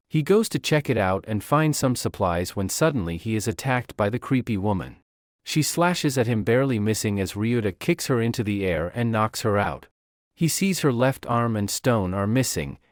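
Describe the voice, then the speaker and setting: Steady male anime recap narrator, dry sound. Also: mid-range voice, dry recording. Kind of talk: scripted narration.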